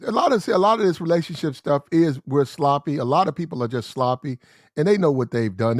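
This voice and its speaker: A man's voice: on the high side, expressive, quick pace, dry recording, clean studio sound. A man from the United States giving blunt, slangy opinion commentary, repeating his points for emphasis. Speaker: commentary show host.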